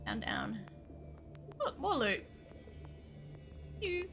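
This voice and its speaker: High, lively woman swearing through gameplay. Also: extremely slow, highs cut off, music in the background. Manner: swears freely, mutters and exclaims to herself; hums and sings nonsense sounds while playing. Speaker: game streamer. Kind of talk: live gameplay commentary.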